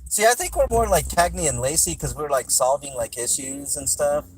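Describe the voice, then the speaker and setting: A man's voice: on the high side, animated, fairly quick, slight background noise, rough recording. A man hosting a casual livestream, joking around and reading viewer comments aloud while chewing gum. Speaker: livestream host.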